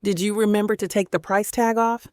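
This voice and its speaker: A woman's voice: medium pitch, steady tone, brisk, no echo, clean studio sound, lightly acted. A woman voicing a mischievous brother who ribs his sibling in an audiobook. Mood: teasing. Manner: mischievous, ribbing. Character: cheeky younger brother, teasing.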